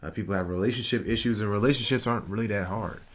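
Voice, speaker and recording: A man with a fairly low voice reacts to clips in an easygoing, conversational way. He stumbles over repeated words as he works out his thoughts aloud. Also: rapid-fire. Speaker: commentary host. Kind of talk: casual reaction commentary.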